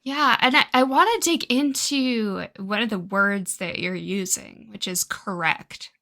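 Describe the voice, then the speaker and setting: A woman hosting an interview, asking curious, measured questions. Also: mid-range voice, sharp tone. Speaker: podcast host.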